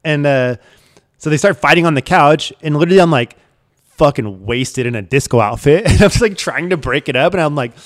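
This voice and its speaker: A man's voice: fairly high pitch, expressive, a little fast. A young man co-hosting a casual chat, rambling through a story, swearing and laughing often. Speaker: co-host.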